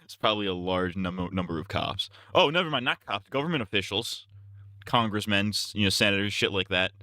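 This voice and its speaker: A man hosting a casual stream, tossing off crude, sardonic jokes. His voice is bright and lively, swinging widely in pitch. He is recorded dry and close on a desk mic. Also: fairly quick, dry recording. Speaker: streamer host.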